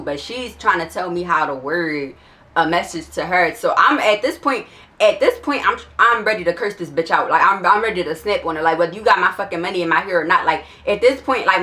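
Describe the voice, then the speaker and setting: Young philly girl venting a storytime, lowish voice but real bright and sharp, cussing a lot. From Philadelphia area. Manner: exasperated, profane, animated storytelling with many restarts. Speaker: vlogger telling a story. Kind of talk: casual storytime.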